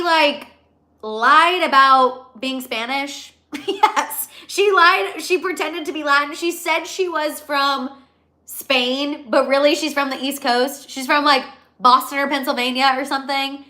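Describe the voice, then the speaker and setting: A young woman hosting a casual celebrity gossip livestream, animated and gossipy, reading out viewer comments. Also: high-pitched, takes it slowly. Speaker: gossip show host.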